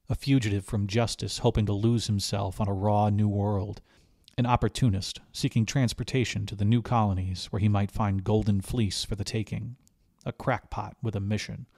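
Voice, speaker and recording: A man reading a short story aloud as an audiobook narrator, with steady, even storytelling. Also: lowish voice, no room sound, studio quality. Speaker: audiobook reader. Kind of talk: scripted narration.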